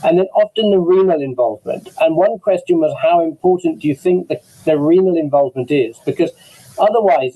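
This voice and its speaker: A man's voice: fairly high pitch, mellow, poor audio. A man with an English accent moderating an online medical discussion, talking with many fillers and restarts over a video call.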